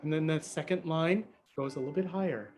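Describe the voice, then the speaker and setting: A man's voice: on the high side, brisk, darkish tone. A man teaching a harp and singing workshop online over a video call, chatty and friendly, laughing often and counting in. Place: home room on a live video stream.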